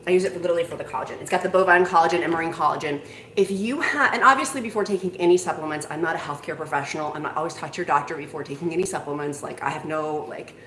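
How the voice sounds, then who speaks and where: A chatty woman hosts a live stream from home, her voice a touch lower than most. She sounds bubbly and talks casually to her viewers. The room is echoey, with a faint hiss behind her. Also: fairly bright tone. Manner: chatty, bubbly, reads comments aloud. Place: home kitchen.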